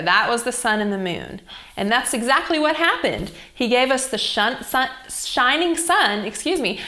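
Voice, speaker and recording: A young woman reads a story aloud to children in a gentle, expressive way. Her voice sits a little on the high side. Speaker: children's church teacher. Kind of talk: reading a Bible story to children.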